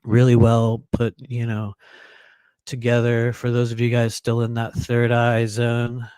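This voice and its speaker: Man, casual storytelling, rambling, laughs often, medium pitch, dry close mic. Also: completely flat delivery, measured pace, a little mellow, clear, resonant tone, no echo. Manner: rambling, full of "you know", laughs often. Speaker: podcast host telling a story.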